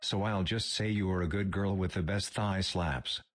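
A man's voice reading viewer messages aloud in a flat, even way. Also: deep voice, normal speed. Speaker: text-to-speech chat reader.

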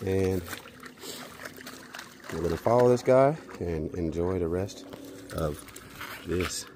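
A man vlogging outdoors at a beach spot while walking his dog, calling to it in high, loud bursts and dropping to low asides. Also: lively intonation, slow, a little hiss or hum. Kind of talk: casual vlog chatter.

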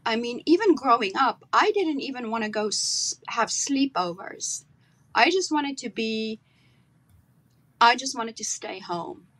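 High-voiced woman guest, slow and chatty. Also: low-quality recording. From South Africa. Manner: animated storyteller, acts out her own accent. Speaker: guest actress. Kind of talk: casual interview chat.

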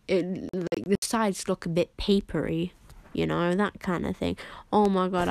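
A young woman streaming a game, chatting in a rambling, excitable way and giggling often. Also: medium pitch, gravelly, no room sound. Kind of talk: casual live-stream chat.

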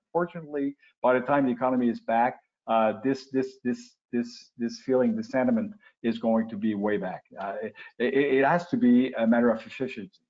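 An older francophone man from Quebec, Canada, answers webinar interview questions as an expert guest, explaining things with halting restarts and frequent "uh" fillers. His voice is medium-pitched and steady, captured on a video call with muffled, lo-fi webinar audio.

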